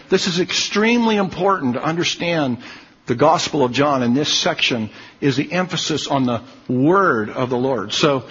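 A man's voice: fairly high pitch, fairly bright tone, husky, in a large hall, highs cut off. A man preaching a sermon, emphatic and repeating his key phrases.

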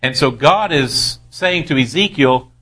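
Man, Bible study teacher, slow and measured, middle pitch, careful scripture reading. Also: animated, pushed and bright, breathy edge, soft background music. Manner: slow, deliberate, reads scripture with careful emphasis.

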